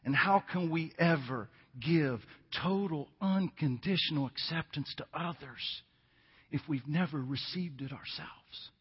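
A pastor in his fifties preaches conversationally, telling stories and repeating his key points for emphasis. His voice is a little high and a little slow with a breathy edge, captured in a lo-fi recording with a big-room sound.

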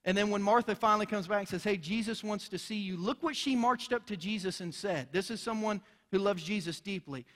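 High-voiced preacher in a reverberant hall. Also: male voice, fairly quick, fairly bright tone. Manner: earnest, emphatic preaching with rising intensity. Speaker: pastor. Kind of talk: sermon. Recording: long reverb of a large hall.

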